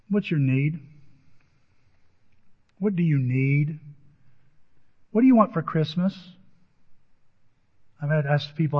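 Male pastor, animated sermon storytelling, slightly high voice, dull lo-fi sound. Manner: animated storytelling, acts out voices and crowd noises. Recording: dull lo-fi audio with long hall reverb.

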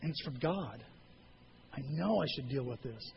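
A man's voice: medium pitch, expressive, normal speed, creaky, muffled recording, slight background noise. A male pastor preaching a sermon in a church, earnest and conversational, with frequent rhetorical questions.

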